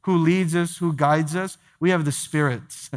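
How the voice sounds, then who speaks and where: A pastor preaching a sermon to his church, emphatic, repeating phrases and slowing down to stress key points. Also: fairly high pitch, fairly even intonation. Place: large church sanctuary. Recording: long hall reverb.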